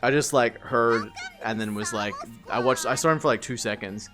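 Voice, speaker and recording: A man streaming live, rambling through animated work stories to his chat, swearing and laughing as he goes. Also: medium pitch, normal speed, faint music behind.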